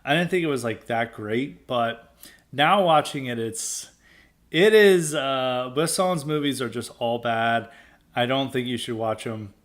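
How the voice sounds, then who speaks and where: A man's voice: medium pitch, measured pace, a bit bright. A man hosting a podcast, giving a blunt, opinionated monologue that rambles with many restarts and filler words. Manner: dismissive and blunt. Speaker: podcast host.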